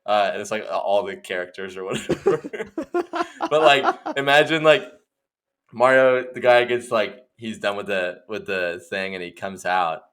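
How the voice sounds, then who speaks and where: A young man with a low, bright and forceful voice co-hosts a laid-back comedy podcast. He riffs loosely and jumps into quick voices for the people he imagines. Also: very animated. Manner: acts out imagined scenes with quick put-on voices. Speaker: podcast co-host. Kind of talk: casual comedic chat.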